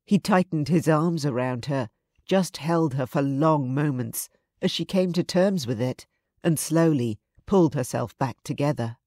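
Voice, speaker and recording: A woman's voice: rumbling low, unhurried, darkish tone, no echo. Female audiobook narrator, dry sound. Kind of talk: scripted narration.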